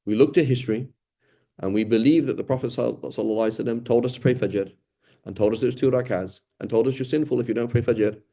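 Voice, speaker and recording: A man in middle age teaches an informal class on religious study in a conversational way, pausing to restart phrases and checking in with his listeners. His voice is mellow and dark, with a middle pitch. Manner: conversational, thinks aloud with frequent "right?" and restarts. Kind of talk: informal lecture on Quran study.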